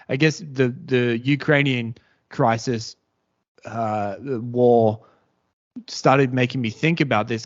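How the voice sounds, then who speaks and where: A man hosting a casual podcast chat, talking in a rambling, halting way full of restarts. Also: medium pitch. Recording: dull lo-fi podcast audio.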